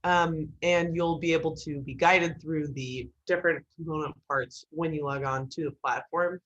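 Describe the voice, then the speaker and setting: A woman's voice: deep voice, steady tone, normal speed, a bit bright, highs cut off. Joking woman teaching an online class. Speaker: writing class instructor.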